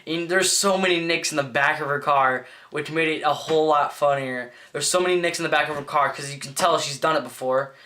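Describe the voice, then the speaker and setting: A teenage boy vlogger telling a story in a rambling, excitable way, full of fillers and restarts. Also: a little high, fairly quick, few pauses. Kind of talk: casual storytelling vlog.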